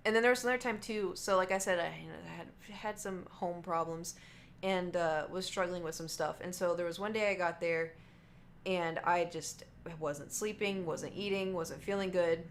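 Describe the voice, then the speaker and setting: A woman's voice: lowish voice, moderate pace, a little hiss or hum. A young woman streamer rambling through work stories in a chatty way, full of "like" and restarts. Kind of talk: casual storytelling.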